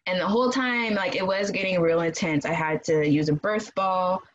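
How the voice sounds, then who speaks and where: A woman casually telling a personal story in an animated way, acting out quoted voices and laughing often. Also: on the low side, moderate pace, muffled recording. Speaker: guest telling her birth story.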